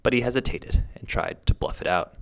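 A man reading a first-person ghost tale aloud in a steady, dramatic storytelling manner. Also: mid-range voice, a little fast, gravelly. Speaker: narrator.

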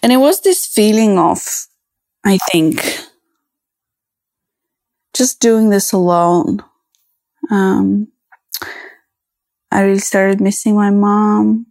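A woman speaking slowly in a personal podcast monologue, her voice edged with vocal fry. She talks in a halting, reflective way, full of fillers and restarts, sounding emotional and close to tears. The recording is dry and close. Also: mid-range voice, fairly even intonation, a little mellow, dry recording. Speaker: podcast host.

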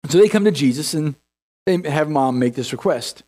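Pastor, male, high tenor voice, casual sermon with lots of restarts. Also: expressive, normal speed, a little mellow. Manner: conversational, folksy, many repeated restarts; acts out biblical figures in quoted voices.

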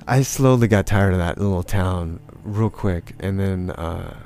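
A man's voice: low-pitched, a little slow, creaky, a little mellow, faint music behind. A man from California casually telling a rambling, profane personal story, full of fillers and acted-out quotes. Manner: acts out quotes in a raised, mocking voice.

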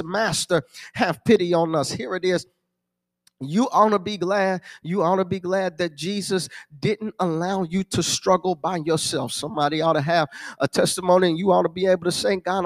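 A male pastor preaching a sermon, repeating phrases and answering imagined questions from the congregation. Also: sits high. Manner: repetitive preaching cadence with call-and-response asides.

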